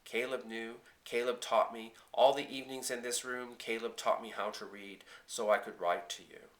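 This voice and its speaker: A remorseful, ashamed old grandfather, as a male audiobook reader puts him on, earnest and halting, with a bright, clear tone. He sounds full of regret. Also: mid-range voice, steady tone, natural voice.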